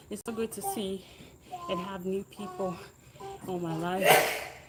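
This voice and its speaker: A woman's voice: mid-range voice, expressive, slow pace, pauses often, noisy background. A woman livestreaming while she exercises, chatting with viewers and cheering them on to keep going. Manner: encouraging, motivational, talks while exercising on a bike. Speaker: livestreaming fitness vlogger. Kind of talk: casual livestream chat with viewers.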